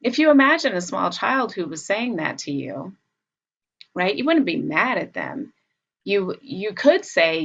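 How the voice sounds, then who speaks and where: Low gravelly woman, psychologist guest, calm and patient, kinda muffled lo-fi audio. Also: measured pace. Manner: calm, patient, explains with everyday examples. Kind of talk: casual conversational explanation.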